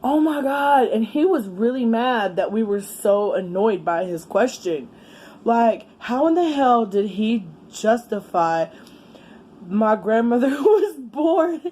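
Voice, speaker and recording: A middle-aged woman, chatting casually as a vlogger while eating, exclamatory and quick to laugh. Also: fairly high pitch, animated, warm tone, husky. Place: home, with a fan running.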